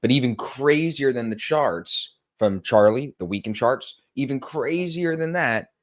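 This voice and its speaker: A young man co-hosting a casual chat, telling self-mocking stories and rattling off quick promo patter. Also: mid-range voice, expressive. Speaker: co-host. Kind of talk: casual chat, plugging a stream.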